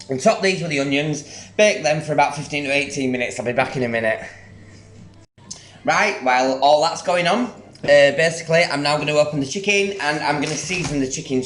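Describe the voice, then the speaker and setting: A man's voice: mid-range voice, a bit bright, echoey room. A man chatting casually through a home cooking vlog, rambling and enthusiastic about food. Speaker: home cook. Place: home kitchen.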